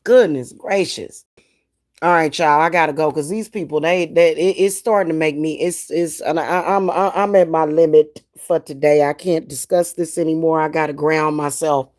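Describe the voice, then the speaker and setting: A woman's voice: sits low, steady tone, moderate pace, a little mellow. A middle-aged woman, ranting in a casual vlog, blunt, heated and profane. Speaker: spiritual reader and vlogger.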